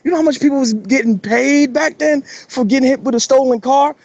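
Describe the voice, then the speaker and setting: A man's voice: very high-pitched, a little fast, gravelly, no echo, highs cut off. A man co-hosting a comedy podcast, trading casual jokes and laughing often. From New Jersey. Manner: animated, laughing, joking. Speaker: podcast co-host.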